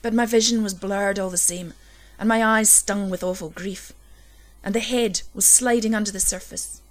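A woman reading a dark first-person story aloud, low and intense, swelling at the tense moments. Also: steady tone, moderate pace. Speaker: narrator. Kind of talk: scripted horror story reading.

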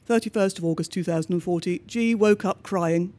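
A man reading a bleak diary-style story aloud, with measured, understated narration. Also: high voice, a little mellow.

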